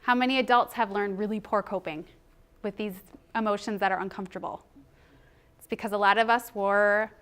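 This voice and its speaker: A woman giving a conversational presentation to educators, animated and chatty, sometimes acting out children's voices. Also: medium pitch, a little fast, clean tone. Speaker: presenter on child emotional development.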